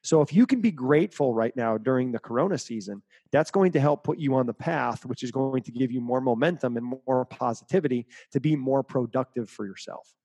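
A man's voice: mid-range voice, brisk, mellow, husky, no echo. Emphatic motivational man, dry sound. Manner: emphatic, repeats key phrases. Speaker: guest, mental performance coach. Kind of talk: interview answer, motivational.

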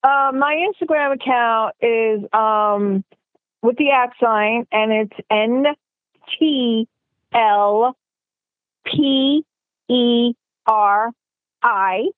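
A woman's voice: a little high, very slow, pauses often, no echo. A woman actress from New York, with a mild New York accent mixed with a Californian one, chatting casually in an interview with lots of fillers and restarts. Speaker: actress guest. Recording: tinny phone line.

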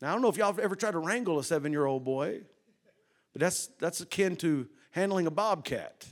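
A man's voice: a little high, expressive, fairly quick. Dynamic preacher man with a twang. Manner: dynamic, swings from hushed to loud and emphatic; rhetorical questions to the congregation. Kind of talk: sermon.

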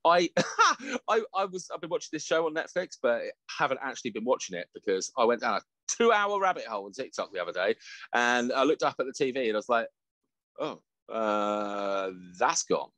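A man's voice: medium pitch, very animated, quick pace, sharp tone, no echo. A man co-hosting a casual podcast chat, laughing often, swearing freely and slipping into mock voices. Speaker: podcast co-host.

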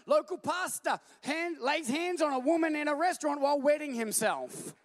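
A man preaching a sermon as a pastor, telling stories animatedly and at times rising to a shout. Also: very high-pitched, animated, normal speed, big-room sound.

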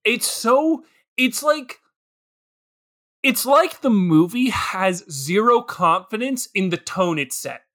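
Lively, bright-voiced man co-host. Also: sits high, slow. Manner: animated, laughs often, mimics reactions in quotes. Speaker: podcast co-host. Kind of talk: casual movie-review chat.

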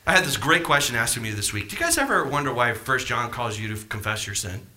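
A male pastor preaching a sermon with passion, firing rhetorical questions at the congregation and swinging from near-shouts to quiet asides. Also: very animated, quick pace, slight background noise. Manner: impassioned, rising to near-shouts then dropping low.

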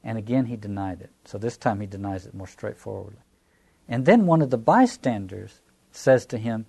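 Man, Southern American accent, mellow warm tone, thoughtful lecture, rhetorical questions. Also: on the low side, lively intonation, moderate pace, creaky, slightly rough. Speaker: lecturer on scripture. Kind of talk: reflective lecture.

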